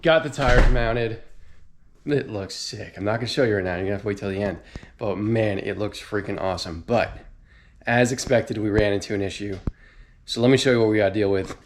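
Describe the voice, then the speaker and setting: A man's voice: lowish voice, a little fast, a little hiss or hum. Young dude vlogging in his garage, chill, stoked slang, camera mic. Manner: enthusiastic, laid-back slang. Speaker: car modding vlogger. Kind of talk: casual garage vlog.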